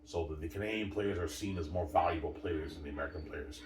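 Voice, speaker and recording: A man with a very low voice rambles through a casual sports talk, repeating points and insisting they are obvious. He sits a bit back from the mic in an echoey room, with a faint hum of ambience behind him. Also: quick pace. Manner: repetitive, emphatic, keeps saying obviously and addressing viewers. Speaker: sports commentator. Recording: roomy sound from a distant mic.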